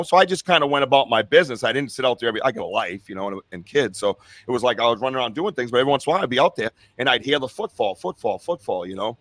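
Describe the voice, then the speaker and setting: A man's voice: medium pitch, fairly bright tone, no room sound. A man from Massachusetts with a Boston accent, a guest telling stories in an upbeat, chatty way. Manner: upbeat, chatty, laughs easily. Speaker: podcast guest, Bigfoot researcher. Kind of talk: casual storytelling.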